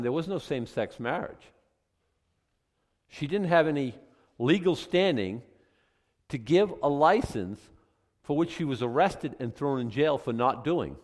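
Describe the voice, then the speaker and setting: A male pastor giving a conversational sermon, animated and chatty, full of rhetorical questions, in a church sanctuary. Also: medium pitch. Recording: long reverb from a hall.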